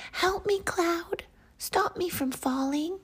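A tiny squeaky pleading snowflake. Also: female voice, slow. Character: tiny playful girlish snowflake, anxious about falling. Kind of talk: storybook read-aloud.

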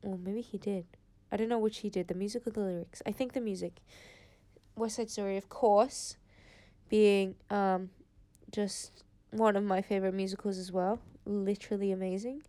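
A woman's voice: medium pitch, fairly even intonation, moderate pace, warm tone. A teenage girl, hosting her own podcast in a rambling, casual chat full of fillers. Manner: rambling, chatty, lots of "like" fillers. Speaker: podcast host. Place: home, late at night.

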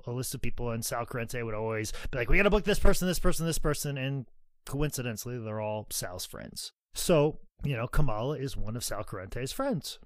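A man's voice: medium pitch, no echo. Podcast co-host, male, loose rambling storyteller, swears freely, mimics others, dry recording. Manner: profane, rambling anecdotes with many "like"s; acts out others' voices while telling stories. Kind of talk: casual storytelling chat.

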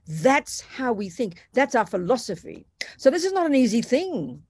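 A woman teaching Buddhist ideas in a conversational dharma talk, animated and self-deprecating, slipping into other people's voices to make her points. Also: on the high side, normal speed, slightly rough, no room sound. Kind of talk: dharma talk to a retreat group.

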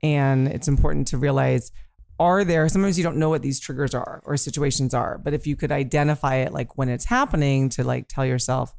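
Brief: female gynecologist guest, smooth resonant voice, dry close sound, calm and explanatory. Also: extremely low pitch, a little fast, no echo. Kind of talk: conversational medical explanation.

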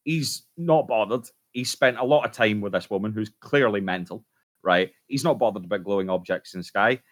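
A man's voice: on the low side, moderate pace. A man co-hosting a podcast, telling a story casually with swearing and jokey asides. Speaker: podcast co-host.

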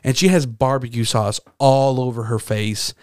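A man's voice: mid-range voice, steady tone, moderate pace, darkish tone, clean tone, no echo, clean studio sound. A young man co-hosting a podcast, telling casual stories with lots of fillers and swearing. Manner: loose, profane storytelling with many fillers. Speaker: podcast co-host. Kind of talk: casual chat.

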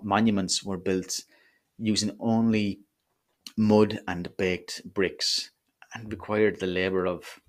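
A man hosting a solo podcast, talking casually and rambling with chatty asides and self-corrections. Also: low-pitched. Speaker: podcast host. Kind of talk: solo history podcast talk.

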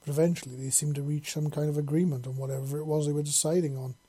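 A man narrating a story chapter in a steady, earnest reading voice. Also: on the high side, fast, husky. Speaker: audiobook narrator.

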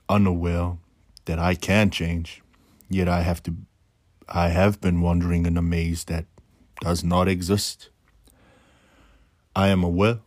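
A man's voice: low voice, no echo, clean studio sound. A middle-aged man delivering a reflective spoken-word monologue, earnest and declamatory, slipping in casual slang asides.

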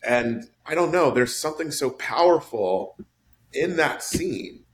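A man in casual podcast chat about a film, animated and swinging his voice up high for emphasis. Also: measured pace, a little hiss or hum. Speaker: podcast panelist discussing a film.

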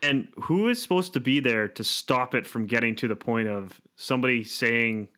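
A man's voice: mid-range voice, normal speed, a bit bright. A man co-hosting a laid-back sports podcast. He talks casually, laughs a lot and playfully acts out other people's lines as he tells a story. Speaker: podcast co-host. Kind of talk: casual hockey chat.

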